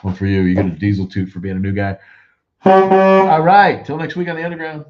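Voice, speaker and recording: A man hosts a loose live chat show with a low, deep voice. He jokes and swears freely, drifting into rambling asides. The sound is muffled and lo-fi. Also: lively intonation, rapid-fire, soft background music. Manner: joking, profane, rambling asides. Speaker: show host. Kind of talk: casual livestream chat.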